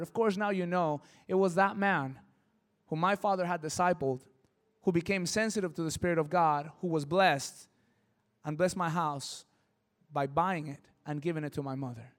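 A man from Mexico preaching, telling personal stories in a lively, emotional way that swings from hushed to loud. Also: fairly high pitch, moderate pace. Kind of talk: sermon storytelling.

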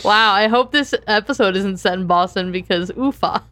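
A woman co-hosts a casual podcast, meeting her partner's jokes with wry, teasing remarks. Her voice is mid-pitched and the sound is dry and close. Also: moderate pace, fairly bright tone, no echo. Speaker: podcast co-host. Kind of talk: casual chat.

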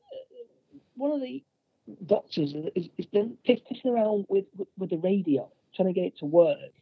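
A man co-hosting a casual chat, recapping a film plot in a halting way with many restarts. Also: high voice, no room sound, dull audio. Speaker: podcast co-host.

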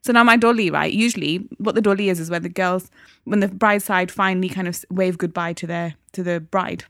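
A woman's voice: fairly low pitch, fairly even intonation, a little fast, a bit bright, no room sound. Podcast co-host, woman in her thirties, emotional storyteller, close dry mic. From England. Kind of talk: casual chat.

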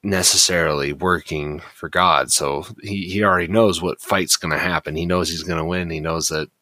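A man co-hosting a casual Bible study podcast, explaining passages at length with lively paraphrases. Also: low voice, moderate pace, no echo. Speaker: podcast co-host.

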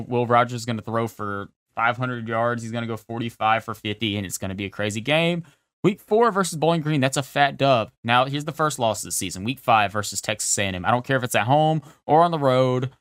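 A young man co-hosting a sports podcast, talking fast and opinionated in a casual chat. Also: mid-range voice, fairly bright tone, dry recording, clean studio sound. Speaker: podcast co-host.

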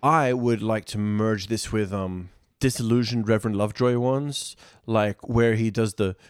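A man, a guest on a casual podcast, who gets excitable and laughs often. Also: fairly low pitch, unhurried, clean tone, dry recording, clean studio sound. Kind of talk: casual chat.

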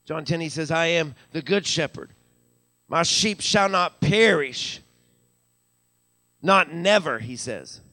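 A man with a slightly high voice, pushed and bright, preaches a live sermon as pastor in a church sanctuary at a slow pace, pausing often. He speaks with a Western Pennsylvania accent, repeating words stammeringly as he builds and calling out hallelujah. Sound is clean studio quality without room sound.

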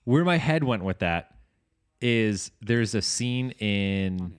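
A man's voice: fairly low pitch, slow pace, clean tone. A man co-hosting a casual podcast chat, telling stories and acting out other people's lines in funny voices. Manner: animated storyteller, acts out quotes in funny voices. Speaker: podcast co-host.

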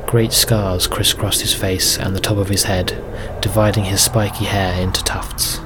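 A man narrating a solo tabletop game as game master, with steady, even storytelling. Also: low-pitched, measured pace, noisy background. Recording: music bed under narration.

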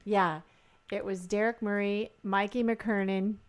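A woman's voice: medium pitch, steady tone, a little slow. A woman co-hosting a morning show, chatting in a giggly, gushing way. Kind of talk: casual radio banter.

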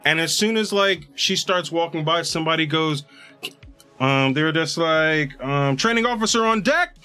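A man's voice: a little high, fairly even intonation, measured pace, pushed and bright, clear, resonant tone, faint music behind. A man narrating as game master in a loose, filler-heavy way.

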